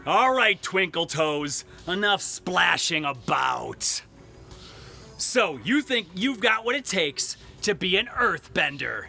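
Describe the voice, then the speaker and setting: A man voicing a tough, blunt young girl who is an earthbending master, gruff and bossy, shouting at her pupils. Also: high-pitched, very animated, slow, faint music behind, exaggerated voice.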